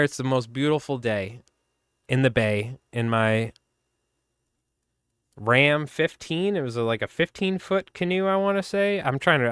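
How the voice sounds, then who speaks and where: A man's voice: mid-range voice, clear, resonant tone, dry recording, studio quality. A man with a Long Island accent hosting a fly tying livestream, telling rambling fishing stories and laughing along the way. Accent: Long Island New York. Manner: rambling, laughing, animated storyteller. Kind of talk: casual storytelling chat.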